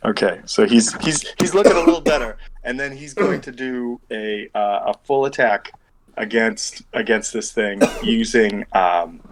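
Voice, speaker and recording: A man's voice: mid-range voice, unhurried, noisy background. A man running a tabletop game as game master over an online call, rambling and thinking aloud as he works out dice math.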